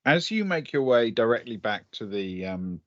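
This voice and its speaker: A man's voice: medium pitch, sing-song, moderate pace. A man narrating a tabletop game as game master, hesitant and full of ums and restarts. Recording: dull lo-fi audio.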